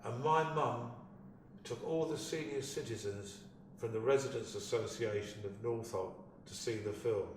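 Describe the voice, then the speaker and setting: An older man, an actor telling a lively anecdote about a film shoot and acting out the people he quotes. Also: mid-range voice, normal speed, slight background noise. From London, England. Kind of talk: anecdotal storytelling. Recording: echoey room, distant mic, faint ambience.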